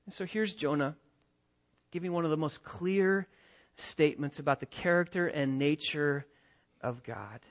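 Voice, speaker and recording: A man preaching a sermon as a pastor, emphatic, moving between quiet asides and raised lines. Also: on the high side, unhurried. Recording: slightly dull lo-fi sound.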